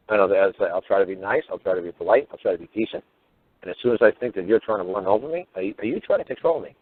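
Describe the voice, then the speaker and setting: A man's voice: on the low side, expressive, racing, dry recording. A man giving a profane, heated radio monologue as a talk show host. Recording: phone-line radio audio.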